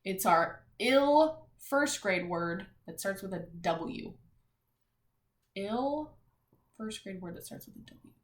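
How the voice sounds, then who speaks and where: A woman teacher leading a reading and spelling lesson for young children, sounding out letters and words in a clear, encouraging way. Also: medium pitch, lively intonation, takes it slowly, reverberant.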